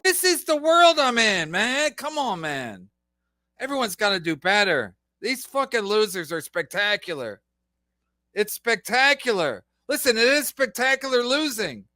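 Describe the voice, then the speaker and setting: Male podcast host, bright edgy tone, sarcastic heckler, dry room. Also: high voice, sing-song, measured pace, dry recording. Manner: sarcastic, loud profane interjections. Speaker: podcast host reacting to a clip. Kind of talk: mocking commentary.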